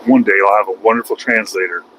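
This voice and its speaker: A man's voice: lowish voice, fast talker, fairly bright tone, a little hiss or hum, poor audio. A man vlogging while driving his truck, rambling in a folksy, self-mocking way. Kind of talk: casual driving vlog. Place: truck cab on highway.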